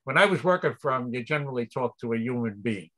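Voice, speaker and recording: A man's voice: medium pitch, lively intonation, fast talker, fairly bright tone. Older New York man, easygoing and chuckling. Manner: easygoing, chuckles often between phrases. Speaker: guest. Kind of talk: casual interview chat.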